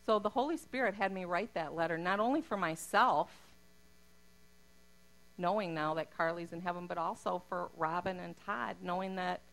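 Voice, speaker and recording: A woman's voice: on the low side, creaky, fairly bright tone, rough recording. A middle-aged woman telling her personal faith testimony in an earnest, heartfelt way. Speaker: speaker giving a testimony.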